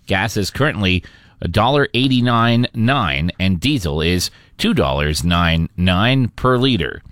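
A man reads local news with steady, measured delivery. His low voice moves with a lively rise and fall. The sound is dry and close. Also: dry recording. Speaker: radio news anchor. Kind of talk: scripted newscast reading.

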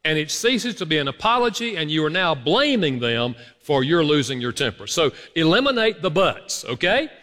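A man's voice: a little high, big pitch swings, moderate pace, few pauses, pushed and bright. Earnest man lecturing in a hall. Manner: earnest, emphatic, addresses listeners directly. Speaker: speaker on marriage and apology. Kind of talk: teaching talk to an audience. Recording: long hall reverb.

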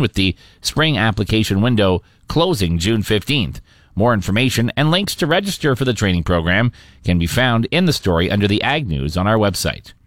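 A man reading a local radio newscast in a steady, measured newsreader manner. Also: lowish voice, no echo, clean studio sound. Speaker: radio news anchor.

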